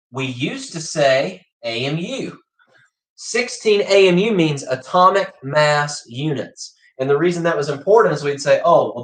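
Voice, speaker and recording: Chatty man teacher, fairly high voice, livestream lesson in an echoey room. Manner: chatty, keeps checking in with okay.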